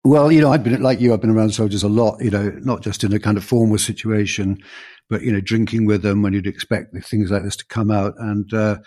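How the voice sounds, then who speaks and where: British man, low voice, podcast co-host. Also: fairly even intonation, warm tone. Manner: measured, reflective storytelling with fillers. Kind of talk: conversational history podcast chat.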